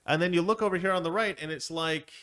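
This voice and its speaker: A man's voice: a little high, quick pace, pushed and bright. A man hosting an opinion commentary segment, sarcastic and digressive, often breaking into laughter. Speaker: commentary host.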